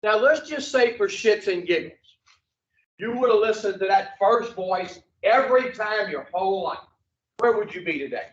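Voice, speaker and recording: Speaking at a normal speed, an expressive, high-pitched man works as a recovery counselor, delivering a profane, blunt group lecture full of rhetorical questions. Captured in an echoey group room, the sound is distant, muffled and dull.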